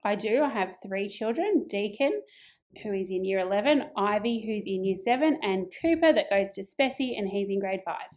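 A woman's voice: mid-range voice, expressive, moderate pace, darkish tone. An Australian woman in her forties, a primary school teacher answering interview questions in a friendly, lightly joking way. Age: 40s.

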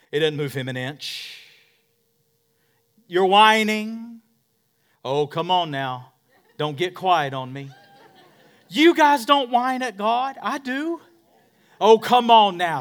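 High-voiced, bright preaching man. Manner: swings from shouting to hushed, call-and-response with congregation. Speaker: pastor. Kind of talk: sermon.

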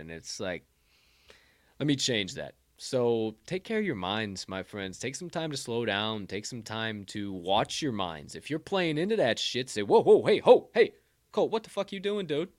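A man's voice: clear, resonant tone, no echo. Male podcast host, profane motivational rant, dry close sound. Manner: loud, swearing, animated, drops to low intense tones.

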